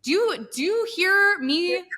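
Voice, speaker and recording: A woman's voice: very high voice, expressive, slow pace, sharp tone. A woman co-hosting a podcast, talking politics in a blunt, heated, profane way. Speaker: podcast co-host. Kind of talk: casual political chat.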